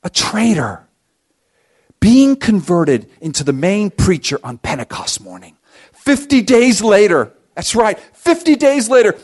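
A male pastor delivering a sermon in a notably high voice. He preaches with passion, pushing hard on key phrases, then dropping to quiet, near-whispered asides. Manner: passionate, swinging between loud emphasis and hushed asides.

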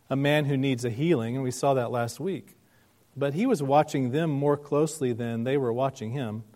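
A pastor preaching, reading scripture and telling a story, slowing down for emphasis. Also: male voice, mid-range voice, a little mellow. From United States. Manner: earnest, slows down for emphasis. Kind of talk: sermon.

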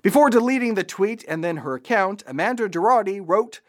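A man's voice: high-pitched, animated, a little fast, hardly any pauses. A man hosting a scripted political commentary show, delivering it with sarcastic, mocking asides.

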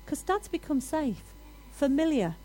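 High-voiced animated woman preacher. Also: unhurried, rough recording. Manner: animated, rising to loud declarations. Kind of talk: sermon.

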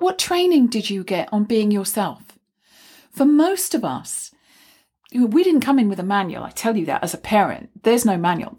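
A middle-aged woman giving a reflective talk on self-development, gentle and musing, sometimes acting out little asides. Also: mid-range voice, breathy edge.

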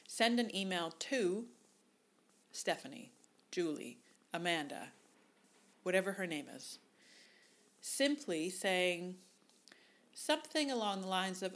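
A woman coaching wedding business owners, upbeat and emphatic, firing off rhetorical questions. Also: lowish voice. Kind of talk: instructional talk.

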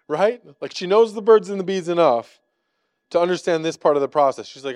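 Male pastor, relaxed conversational sermon, somewhat high voice, dry close sound. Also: normal speed, no room sound. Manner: casual, conversational preaching with many fillers; acts out quoted lines from scripture.

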